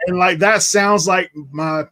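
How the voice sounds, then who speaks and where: A man's voice: high-pitched, fairly even intonation, measured pace, bright, forceful tone. A man from the Outer Banks with a mixed Southern and Outer Banks accent, rambling through stories in a casual live-stream chat. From Outer Banks, North Carolina. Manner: rambling, storytelling, laughs easily.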